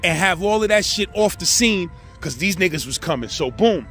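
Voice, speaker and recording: A man with a New York accent telling prison stories in a casual, animated, slangy way. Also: sits high, moderate pace, soft background music. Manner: animated, slangy, acts out the people in his story. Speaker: storyteller host.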